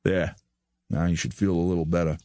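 A man voicing a kindly, soft-spoken older male doctor, his voice low and gentle. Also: flat delivery, fairly quick, no room sound, clean studio sound, lightly acted. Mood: calm, reassuring.

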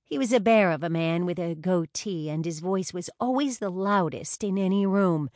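A woman reading a story aloud in a measured, wry storytelling manner. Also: fairly low pitch, a little mellow, no echo, studio quality. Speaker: audiobook narrator. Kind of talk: scripted narration.

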